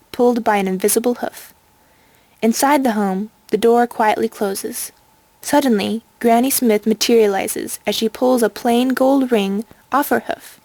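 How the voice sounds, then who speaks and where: Woman narrating with a gravelly voice. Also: on the high side, darkish tone, no echo. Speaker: storyteller. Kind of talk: storybook narration.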